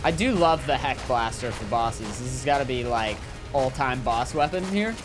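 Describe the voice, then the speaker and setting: A man's voice: medium pitch, lively intonation, moderate pace, music in the background. Rambling jokey gaming streamer guy. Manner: rambling, jokey, lots of fillers. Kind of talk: casual gameplay commentary, reading chat.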